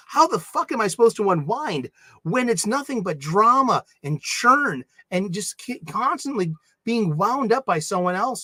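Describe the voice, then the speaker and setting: Bright-voiced rambling man on a livestream. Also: high-pitched, dry recording. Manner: rambling, animated, laughs often. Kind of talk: casual livestream chat. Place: home studio.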